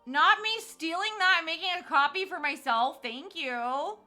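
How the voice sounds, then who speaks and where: Bubbly high-voiced young woman streamer. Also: expressive, normal speed, sharp tone, faint music behind. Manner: bubbly and gushing, laughs often. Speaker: live streamer. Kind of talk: casual live-stream chat with viewers.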